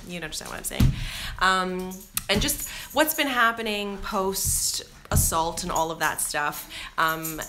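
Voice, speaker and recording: A Canadian woman in her thirties talking to camera in a casual, scattered vlog chat, laughing easily as she goes. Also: lowish voice. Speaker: vlogger.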